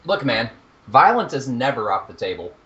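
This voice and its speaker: Animated, profane young man on a podcast. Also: medium pitch, moderate pace, dull audio. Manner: animated, profane, laughs at his own jokes. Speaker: podcast co-host. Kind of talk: casual podcast chat.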